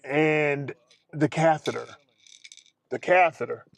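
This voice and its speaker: A man telling a personal story casually to his viewers in an animated way, acting out other people's lines as he goes. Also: fairly high pitch, takes it slowly, vocal fry. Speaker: vlogger.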